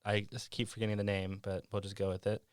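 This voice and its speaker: A man's voice: on the low side, level tone, fast, smooth, dry recording, clean studio sound. A man hosting a podcast, casually retelling a movie scene by scene in a rambling way. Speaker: podcast host.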